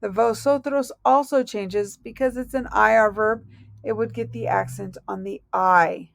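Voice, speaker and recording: A woman explains verb conjugations at an unhurried, deliberate pace, her voice carrying a gravelly edge. She spells out each ending letter by letter with patient, steady care. The recording is dry and close, with no room echo. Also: on the high side. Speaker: Spanish teacher. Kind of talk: recorded classroom lesson.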